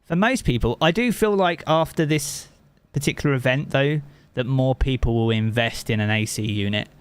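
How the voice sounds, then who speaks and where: A man's voice: mid-range voice, moderate pace, clean tone, no room sound. Chatty Southern English man streaming. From England. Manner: chatty, swears freely, answers chat messages. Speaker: game streamer. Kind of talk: casual live-stream chat.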